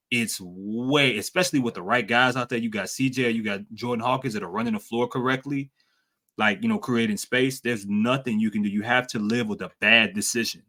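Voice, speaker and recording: Bright-voiced animated man co-hosting. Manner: animated, teasing, breaks into high excited exclamations. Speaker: podcast co-host. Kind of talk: casual sports chat.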